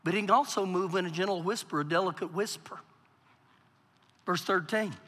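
Man preaching, high voice, reverberant church hall. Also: steady tone, normal speed, breathy edge. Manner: preaching with big swings from quiet to loud. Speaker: pastor. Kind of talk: sermon.

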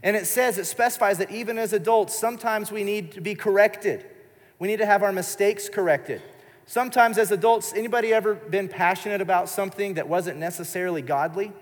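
A man's voice: high-pitched, brisk. A man in his thirties preaching a sermon in a church service, telling a personal story in a loose, conversational way. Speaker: pastor. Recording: live in a large church hall with long reverb.

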